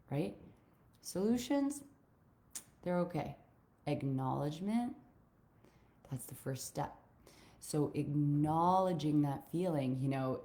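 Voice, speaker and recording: A woman life coach giving a frank, animated motivational talk, swearing freely. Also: deep voice.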